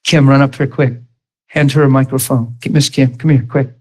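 A man's voice: medium pitch, fairly even intonation, moderate pace, poor audio. A middle-aged male preacher delivering a sermon, telling stories and acting out the dialogue in them. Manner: storytelling, acts out dialogue with shifts in loudness.

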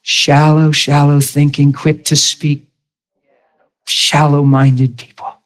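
A man's voice: a little high, completely flat delivery, slow pace, poor audio. A middle-aged male preacher delivering a sermon, telling stories and acting out the dialogue in them. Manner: storytelling, acts out dialogue with shifts in loudness.

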